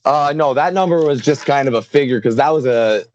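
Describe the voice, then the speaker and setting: A man's voice: mid-range voice, brisk, darkish tone. Earnest rambling man from Canada. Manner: earnest, rambling, many fillers and restarts. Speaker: guest, charity founder. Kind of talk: casual interview talk. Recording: dull lo-fi dry sound.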